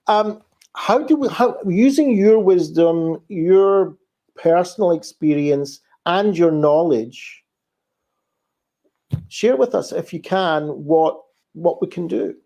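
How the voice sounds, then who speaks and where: A man's voice: high-pitched, animated, takes it slowly, gravelly, warm tone. A man hosting a live online interview, asking earnestly in long, rambling sentences with restarts over a video call. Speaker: host.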